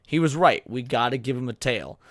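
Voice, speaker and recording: A man's voice: mid-range voice, expressive, a little fast, no room sound, studio quality. A man co-hosting a late-night stream, joking around and reading chat messages aloud with frequent stammered restarts. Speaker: VTuber co-host.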